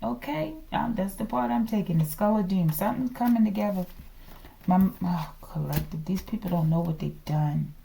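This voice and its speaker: Mellow-voiced woman doing a tarot reading. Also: medium pitch, moderate pace, vocal fry, slight background noise. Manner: drops into whispered asides, often addresses the viewers as the collective; rambling, thinks aloud with frequent sighs and laughs. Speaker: tarot reader. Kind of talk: casual tarot reading to viewers.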